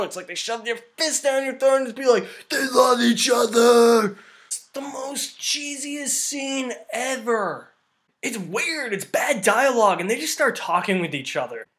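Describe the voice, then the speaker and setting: A man's voice: high voice, fairly bright tone. A man giving a casual movie review in an exasperated, ranting manner.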